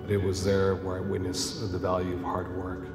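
Man, low monotone voice, earnest story, roomy echo, music. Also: moderate pace. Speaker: political candidate in an ad. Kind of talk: campaign ad speech.

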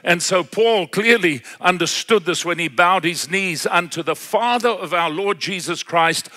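Middle-aged pastor guy preaching hard, kinda high voice, goes loud then hushed, lots of hallelujahs. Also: measured pace. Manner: fervent preaching, frequent hallelujahs, swings between loud and hushed. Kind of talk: sermon.

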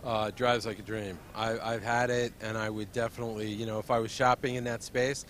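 A man, an automotive editor, answering interview questions in a knowledgeable, measured way with hesitant fillers. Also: on the low side, flat delivery, a bit bright, a little hiss or hum. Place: busy convention hall booth.

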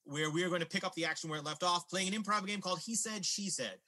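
A man's voice: high voice, quick pace, bright, forceful tone. A man narrating and explaining games in an improvised comedy show.

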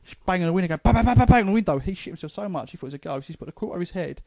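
A young London man tells rambling stories on a comedy podcast, stumbling over his words and restarting often. His voice sits fairly high but has a mellow, soft tone. The recording is close and dry. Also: rapid-fire, vocal fry, no echo. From England. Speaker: podcast co-host. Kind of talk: casual comedy chat.

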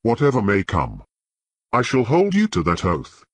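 Brief: male narrator reading a young queen, commanding and resolute; husky low voice, swinging pitch, dry sound, solemn measured delivery. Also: wildly swooping pitch, no room sound, heavily acted.

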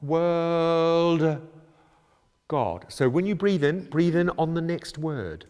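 A man leads a choir rehearsal in a brisk, encouraging way, slipping in jokes and singing phrases to show how they go. His voice sits fairly high and leaps around animatedly. The sound rings with the long reverb of a large hall. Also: big pitch swings, a little mellow. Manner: encouraging, brisk, jokey asides, sings and demonstrates phrases. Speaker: choir director.

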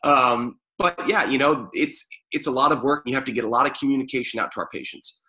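A man's voice: mid-range voice, fairly quick, bright, forceful tone, low-quality recording. A man chatting casually in an interview, rambling with fillers and restarts. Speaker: guest, former pro sports media staffer.

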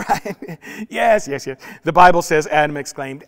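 A man preaches in an unhurried, slow way, with a slightly high voice. He tells the story with humor and slips into playful voices. His sound carries a long reverb from a church sanctuary. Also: lively intonation, creaky. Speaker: pastor. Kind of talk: sermon.

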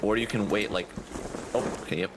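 A man's voice: fairly low pitch, a little fast, very noisy. A young man chatting casually while playing an online pirate game, planning moves aloud with lots of fillers. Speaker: gaming host. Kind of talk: casual gameplay chat.

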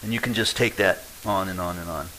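A male pastor preaching a sermon, lively and acting out quoted voices, swinging between loud and quiet. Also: deep voice, brisk, rough recording.

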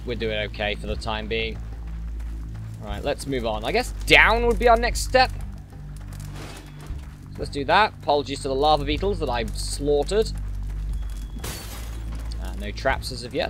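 A man with a mid-range, fairly bright voice hosts a gaming channel, offering casual, playful let's-play commentary and talking at enemies as he goes. He records at home using a desktop mic with noise suppression.

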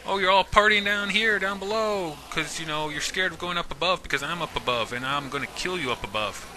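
Gaming YouTuber, male, bright and sharp tone, playful mock threats at mobs. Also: a little high, fairly quick, slight background noise. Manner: talks to game mobs, mock-menacing and jokey. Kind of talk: casual let's-play commentary.

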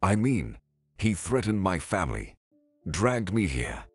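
A man voicing an irritable elderly writer with a gruff, curt manner in a story reading. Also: deep voice, big pitch swings, unhurried, no room sound, studio quality, heavily acted.

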